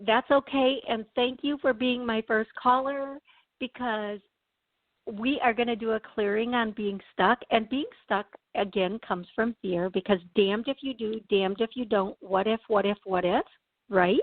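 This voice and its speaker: Woman psychic radio host, chatty, reassuring, kinda high voice, tinny phone sound. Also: steady tone, unhurried, dry recording. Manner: chatty, reassuring, clears throat often. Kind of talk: call-in radio show.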